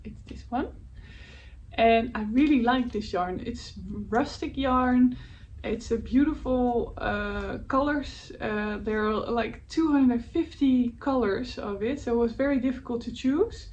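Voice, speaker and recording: Woman knitting host, slow and hesitant, slightly distant mic. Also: fairly high pitch, lo-fi sound. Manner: hesitant, searching for words, many fillers; laughs softly at herself. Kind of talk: casual show-and-tell chat. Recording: faint background noise, voice a bit distant from the mic.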